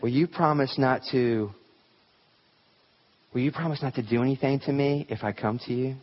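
A man's voice: medium pitch, normal speed, lo-fi sound, close to an everyday voice. A man voicing a timid, thirsty little girl in a storybook reading, hesitant and pleading. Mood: anxious.

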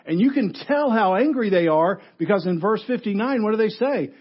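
A man preaching a sermon as pastor, animated and full of rhetorical questions, swinging from loud to hushed. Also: high voice, normal speed, hardly any pauses, husky, highs cut off.

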